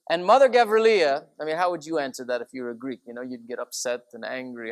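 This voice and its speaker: A male priest giving a sermon talk, telling stories in a conversational, lively way. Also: medium pitch, fast talker, hardly any pauses. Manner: conversational, animated when quoting. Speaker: Orthodox priest.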